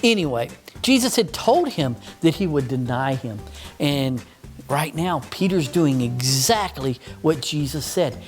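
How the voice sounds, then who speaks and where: A man's voice: fairly high pitch, lively intonation, measured pace, soft background music. A man teaching children a Bible story, patient and mock-stern with a puppet that keeps interrupting.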